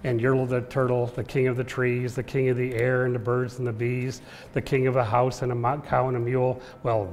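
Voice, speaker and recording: A man reading a rhyming children's book aloud with a lively, rhythmic delivery. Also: medium pitch, slight background noise. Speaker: storyteller. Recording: echoey room with long reverb.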